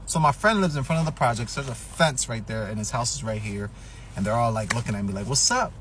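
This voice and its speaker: A man's voice: medium pitch, fast talker, background noise. A man telling a profane, comedic personal story, acting out what people said. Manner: animated, profane, acts out quotes.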